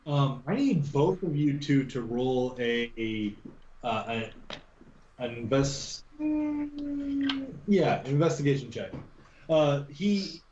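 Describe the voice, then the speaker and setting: A man narrating a tabletop game as game master, talking in a halting way with many restarts. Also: fairly high pitch, big pitch swings, a little mellow, reverberant, dull audio.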